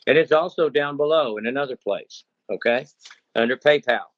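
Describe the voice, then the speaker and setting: A man's voice: mid-range voice, normal speed. A man who runs a cattle ranch telling his story in a rambling, folksy way, often repeating himself. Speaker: consumer telling a scam story. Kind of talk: casual first-person account. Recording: dull lo-fi sound, dry.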